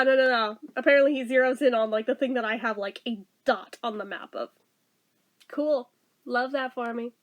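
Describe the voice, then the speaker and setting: Chatty high-voiced woman telling a story. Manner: chatty, exasperated, swears and laughs often. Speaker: vlogger. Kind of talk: casual storytelling.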